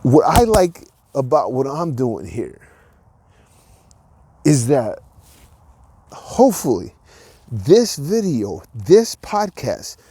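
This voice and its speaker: In a dry recording with no room sound, a man with a medium-pitched, dark voice delivers a casual solo podcast monologue. He rambles with frequent restarts and filler words, in an earnest, encouraging way.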